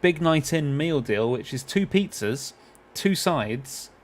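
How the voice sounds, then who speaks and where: A man co-hosting a game stream, teasing his partner with quick quips and giggles. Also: on the high side, lively intonation. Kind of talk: casual banter while gaming.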